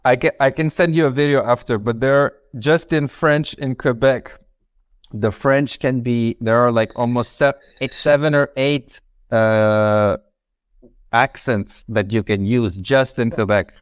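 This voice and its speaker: A man speaking as a guest in a casual chat, explaining things in a relaxed way with plenty of "you know" and "like". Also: mid-range voice, measured pace, clean tone, no echo, studio quality.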